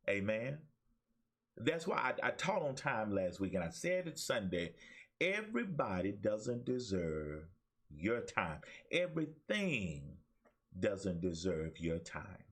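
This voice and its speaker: A man's voice: on the low side, very animated, slow, fairly bright tone, slightly rough. A man with an Alabama accent hosting a talk show and preaching motivational messages straight into his webcam, with call-and-response phrases to his viewers. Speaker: talk show host and pastor.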